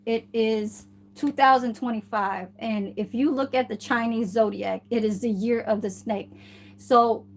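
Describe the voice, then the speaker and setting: A woman chats casually into her phone camera at home. Her voice sits a touch high, and she rambles from one aside to the next, swearing freely and checking in with a quick "okay?" as she goes. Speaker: vlogger. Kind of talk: casual vlog chat. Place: at home, indoors.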